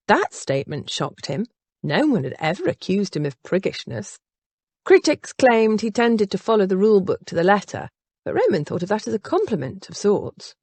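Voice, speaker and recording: A woman narrating an audiobook in an expressive, varied way. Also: medium pitch, normal speed, husky, dry recording. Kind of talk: scripted narration.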